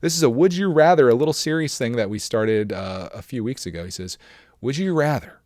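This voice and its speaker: A man's voice: mid-range voice, expressive, a little fast, darkish tone, no room sound, clean studio sound. A man in his thirties hosting a casual solo podcast, chatting in an upbeat, encouraging, rambling way. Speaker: podcast host.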